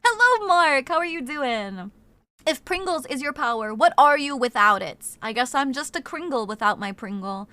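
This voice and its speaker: Excitable, high-pitched woman streamer. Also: moderate pace, no echo. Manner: excitable, animated, swears freely, reads chat aloud. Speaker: game streamer. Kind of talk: casual live-stream chat.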